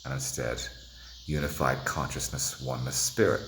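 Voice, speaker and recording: A man's voice: extremely low pitch, fairly even intonation, moderate pace, fairly bright tone, a little hiss or hum. A man vlogging in a meandering, self-interrupting monologue, playful and at times dropping to a whisper. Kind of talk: rambling monologue to the camera.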